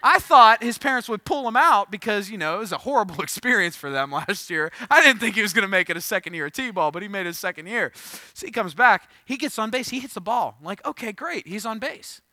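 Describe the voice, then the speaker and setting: Pastor, thirties, male; high, very bright voice, dry close sound, animated storyteller. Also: fairly quick, few pauses, no echo. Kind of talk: sermon.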